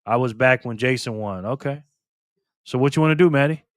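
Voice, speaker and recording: A man's voice: medium pitch, brisk, no echo, clean studio sound. A man hosting a casual live stream, chatting loosely with viewers by name and repeating himself.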